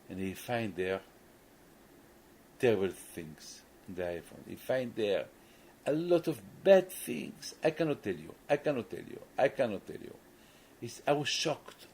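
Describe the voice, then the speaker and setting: A man's voice: on the low side, a little mellow, slight background noise, rough recording. A man, a rabbi, gives a sermon and tells a story, often restarting and repeating words, in non-native English phrasing.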